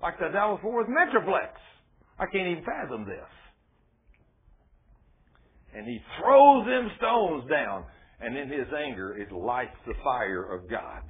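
A folksy preacher who drives his points home with one rhetorical question after another. His voice is fairly high and husky, and it comes through thin and tinny, like a phone-line radio broadcast. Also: big pitch swings, unhurried, pauses often. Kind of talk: sermon.

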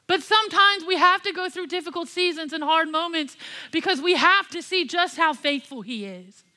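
A woman's voice: extremely high pitch, normal speed, bright, forceful tone. A young woman pastor and worship leader giving an impassioned, candid sermon with personal testimony.

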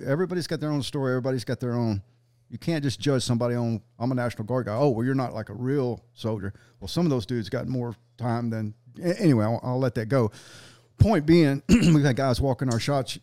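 A man's voice: mid-range voice, a little mellow. A man telling earnest war stories on a casual podcast, swearing freely. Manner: earnest, swears freely, acts out quoted dialogue. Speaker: sniper instructor guest.

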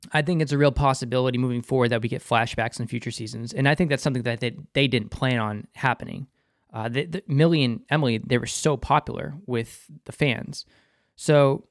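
A man's voice: medium pitch, no room sound, studio quality. A man with a Boston accent hosting a casual, enthusiastic episode review, sometimes calling himself by his show name. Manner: enthusiastic, talks about himself in third person. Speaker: TV review host.

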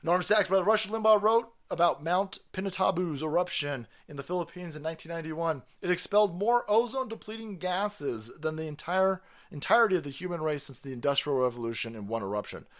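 A man hosting a live stream, ranting crudely and excitably, with sudden loud bursts and fast runs. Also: a little high. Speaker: livestream host. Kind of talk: profane political rant stream.

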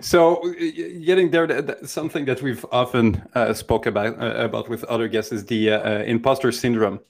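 A male podcast host eases into his question haltingly, stumbling over starts and filling gaps with uhs. His pitch is ordinary and middle for a man. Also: vocal fry. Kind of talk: casual interview questions.

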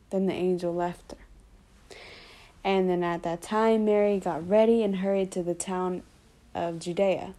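A woman's voice: medium pitch, mellow. A woman casually retelling a Bible story in her own words, full of informal fillers. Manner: informal, with frequent "basically", "like" and "you know". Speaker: Bible study presenter.

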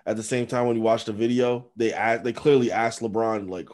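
A man co-hosting a podcast in casual chat, an animated storyteller who acts out voices and laughs often. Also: fairly low pitch, fairly quick. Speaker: podcast co-host. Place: informal podcast studio.

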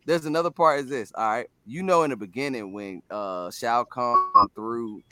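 A man on a casual movie roundtable, telling funny scene stories in a relaxed way. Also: medium pitch, moderate pace. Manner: laid-back storyteller, laughs easily. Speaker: podcast panelist.

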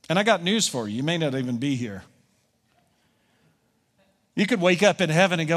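Male pastor, conversational preacher, fairly high voice, reverberant sanctuary sound. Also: lively intonation, normal speed, pauses often, a bit bright. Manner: conversational preaching, voicing the listener's objections. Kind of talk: sermon.

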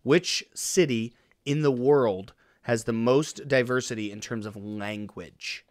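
A man's voice: medium pitch, slow pace, darkish tone. A man co-hosting a casual trivia game, talking in a teasing, playful way and laughing often. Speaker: co-host.

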